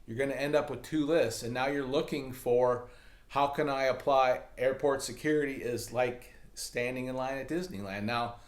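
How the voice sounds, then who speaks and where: A man's voice: medium pitch, normal speed. A man coaching viewers on adding humor to speeches, talking casually with upbeat, jokey, self-deprecating asides. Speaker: comedy and speaking coach. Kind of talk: casual instructional talk to camera. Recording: echoey room.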